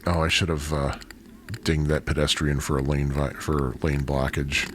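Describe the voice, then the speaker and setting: Deep-voiced man vlogging from a bike. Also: little pitch movement, normal speed, fairly bright tone. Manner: rambling, chatty, self-deprecating asides. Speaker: cycling vlogger. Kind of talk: casual narration while riding a bike. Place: outdoors on a city bike trail and streets. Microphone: bike- or body-mounted action camera. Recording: outdoor wind and traffic noise.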